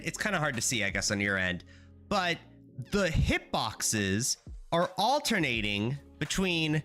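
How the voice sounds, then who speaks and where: A bright, lively male streamer chatting casually from his apartment. He talks through a sore throat, and his voice bounces all over with excitement as he breaks into high, playful greetings. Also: a little slow, faint music behind. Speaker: game dev streamer. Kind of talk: casual live stream chat.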